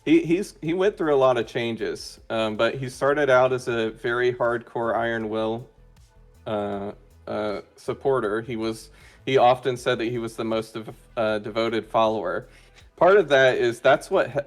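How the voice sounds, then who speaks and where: A man of middle pitch chatting as an interview guest. He hesitates constantly, piling up ums, uhs and restarts as he goes. Faint music plays behind him. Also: unhurried. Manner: hesitant, many fillers and restarts. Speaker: interview guest, roleplay player. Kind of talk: casual chat.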